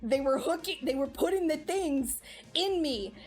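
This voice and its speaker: A woman livestreaming, telling a personal story in casual chat, animated and laughing often, with many fillers. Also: high voice, a little slow, faint music behind. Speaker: livestream artist. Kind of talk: casual chat while streaming.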